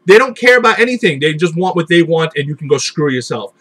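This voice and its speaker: High-voiced man in a profane rant. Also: sing-song, quick pace, fairly bright tone, slightly rough. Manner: profane ranting, mocking voices. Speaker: podcast host. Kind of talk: heated political chat.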